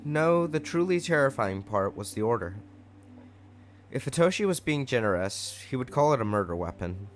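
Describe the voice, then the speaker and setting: Guy reading fanfic out loud, casual, wry little asides, faint music under it. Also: medium pitch, very animated, moderate pace. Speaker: fanfic narrator.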